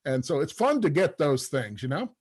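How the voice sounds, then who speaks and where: A man hosting a podcast who tells long, rambling stories, padding them with fillers. His voice is fairly high for a man. The tone is casual and conversational. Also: sing-song, normal speed, husky. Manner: rambling storyteller, many fillers. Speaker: podcast host.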